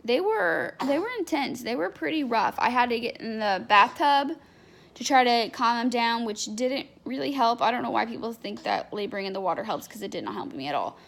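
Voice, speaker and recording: A woman's voice: on the high side, animated, a little fast, creaky, fairly bright tone. A young adult woman telling a candid personal story in a chatty, unfiltered way, full of fillers. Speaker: vlogger.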